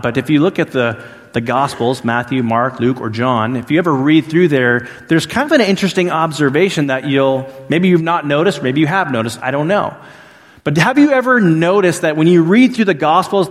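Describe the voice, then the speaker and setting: A middle-aged man preaching a sermon, telling stories in a conversational way that swings between lively and hushed. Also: fairly high pitch. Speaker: pastor. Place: church sanctuary. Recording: long reverb of a large hall.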